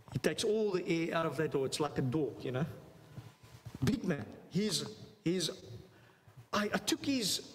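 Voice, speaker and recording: A man giving a church health talk, telling a story animatedly, repeating phrases for emphasis and acting out the dialogue. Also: sits high. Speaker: health seminar speaker. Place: church hall. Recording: long hall reverb, faint noise.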